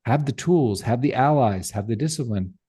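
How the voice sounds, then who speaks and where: A middle-aged man gives an animated podcast interview, pressing his points with emphatic rhetorical questions. His voice is husky and breathy at the edges, with a warm, mellow tone at an average pitch. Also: moderate pace. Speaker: podcast guest, tech founder.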